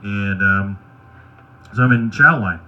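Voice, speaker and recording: Male stand-up, deadpan crude storyteller, bright forceful voice, lo-fi live tape. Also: on the low side, takes it slowly, slight background noise. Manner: wry, deadpan anecdotes with crude asides. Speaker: stand-up comedian. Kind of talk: stand-up storytelling at an open mic.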